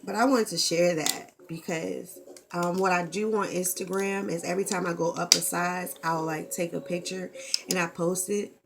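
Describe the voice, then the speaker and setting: A woman's voice: fairly low pitch, fairly even intonation, moderate pace, creaky, background noise. A woman, talking candidly and expressively in a casual vlog and swearing freely, into a camera mic. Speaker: vlogger.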